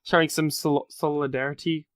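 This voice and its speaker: An Australian man with a fairly high voice, recorded close and dry with no room sound. He co-hosts a casual recap show and talks in a loose, rambling way, fixing his own slips along the way. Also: level tone, normal speed, smooth, no room sound. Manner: rambling, corrects himself mid-sentence. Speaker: podcast co-host. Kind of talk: casual wrestling recap chat.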